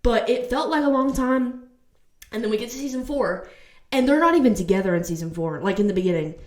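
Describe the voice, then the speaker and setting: A woman's voice: a little high, animated, brisk. Heated woman ranting in a roomy space. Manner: heated, swearing rant. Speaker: TV review vlogger. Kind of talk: casual vlog review.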